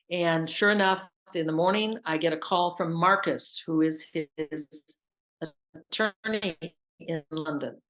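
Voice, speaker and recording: A woman's voice: fairly low pitch, fairly bright tone. A woman telling her own story as an interview guest, earnest and intense, repeating herself for emphasis. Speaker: interview guest, scam victim. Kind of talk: emotional personal account.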